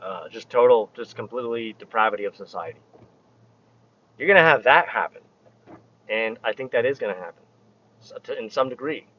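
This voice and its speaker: Guy rambling on his vlog from the truck, lots of stops and restarts, kinda muffled audio. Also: medium pitch. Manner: rambling, halting, with many restarts and sarcasm. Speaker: vlogger. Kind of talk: casual opinion vlog. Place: inside a truck while driving.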